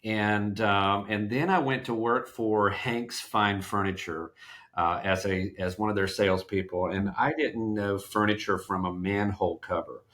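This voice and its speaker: A middle-aged sales trainer from Georgia, USA, guests on a podcast for a casual storytelling interview. He's folksy and animated, acting out quotes and constantly restarting phrases, with a fairly low voice at a measured pace.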